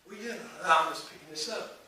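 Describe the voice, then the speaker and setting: A man's voice: sits high, brisk, sharp tone. A man preaching a sermon as pastor, emphatic and conversational, acting out the voices he quotes. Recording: echoey hall, mic at a distance, faint noise.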